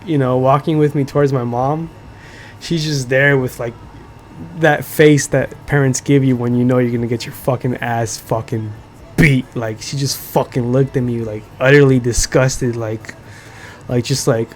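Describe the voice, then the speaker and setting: A young man tells a story on his podcast in a loose, profane way. His talk is full of "like" and "you know," and he keeps checking in with the listener. His pitch sits at a plain middle height for a man. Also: fairly even intonation, moderate pace, a little hiss or hum. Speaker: podcast host. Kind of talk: casual storytelling.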